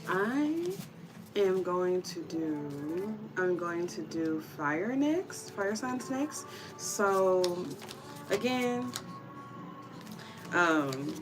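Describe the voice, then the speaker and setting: A woman giving a casual tarot reading to her viewers, chatty and encouraging, calling them y'all. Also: on the low side. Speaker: tarot reader.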